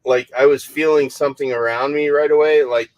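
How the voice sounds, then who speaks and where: A man's voice: a little high, steady tone, brisk, dry recording, low-quality recording. A man co-hosting a casual chat, talking eagerly and filling his sentences with "like". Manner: enthusiastic, filler-heavy, repeats "like".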